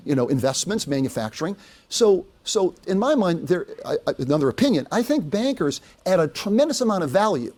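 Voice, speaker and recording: Lively older man telling business stories. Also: a little high. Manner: lively storytelling, quotes others, asks audience. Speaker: speaker. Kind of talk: business talk with anecdotes.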